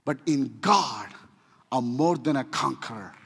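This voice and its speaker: A man with an Indian accent preaching a sermon, swinging between shouting and hushed delivery, with humorous asides. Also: medium pitch, expressive, unhurried, creaky, slight background noise. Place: church sanctuary. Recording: long reverb of a church hall.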